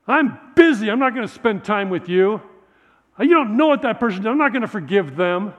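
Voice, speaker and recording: A man's voice: brisk, muffled recording. A man voicing a small boy in a sermon story who is curious at first, then defiant. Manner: excited, high-pitched outbursts. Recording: echoey hall.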